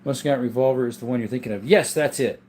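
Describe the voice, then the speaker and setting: A man's voice: mid-range voice, fast talker, a little mellow. A man hosting a casual live chat, reading viewer comments aloud and answering in a laid-back, rambling way, his voice strained and worn. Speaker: livestream host and gun collector. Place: home room with a gun collection.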